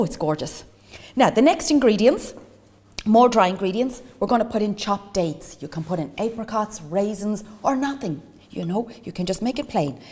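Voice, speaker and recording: Speaking in a big hall, a woman from Ireland with a slightly mellow, medium-pitched voice demonstrates baking. As she works, she chats eagerly, sprinkling in tips and side comments.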